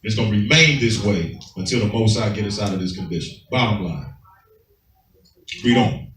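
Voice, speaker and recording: With a fairly low, slightly bright voice, lively intonation, and a moderate pace, a man preaches scripture commentary in a Sabbath class. His style is emphatic and streetwise, and he regularly asks whether listeners follow. The roomy, distant recording carries a little hiss or hum.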